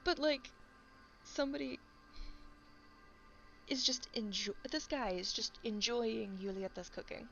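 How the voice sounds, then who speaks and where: A female content creator chats casually while drawing, rambling, laughing often, and acting out quick voices. Her voice is on the high side and creaky, captured on a dull lo-fi mic with faint background music.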